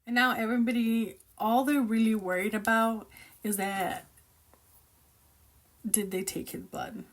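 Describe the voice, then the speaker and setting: A woman chatting casually about a novel she is reading, excitable, opinionated and rambling as she reacts. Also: on the high side, measured pace. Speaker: book reviewer reacting while reading. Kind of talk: casual book reaction chat.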